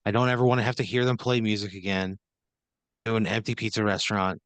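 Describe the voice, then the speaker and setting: A man co-hosting a comedy podcast, complaining in an exasperated, profane deadpan. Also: on the low side, fast, dry recording. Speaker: podcast co-host. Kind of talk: improvised comedy.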